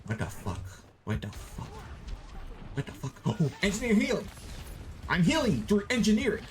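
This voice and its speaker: A man's voice: a little high, very animated, slow pace, pauses often, noisy background. Goofy Australian streamer man. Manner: goofy, playful, swears, sings robot noises. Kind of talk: casual gaming stream chat.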